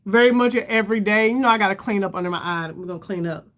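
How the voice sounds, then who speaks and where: A middle-aged woman with a mid-range voice hosts a casual makeup livestream, talking rapid-fire. She's chatty and rambling, calls her viewers "y'all," and sounds tired.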